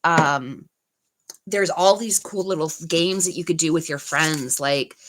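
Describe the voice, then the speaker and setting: Slow, soft-spoken woman reading cards. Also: sits low, background noise. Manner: soft, unhurried, full of pauses and fillers. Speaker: tarot reader and channel host. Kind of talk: live-stream card reading.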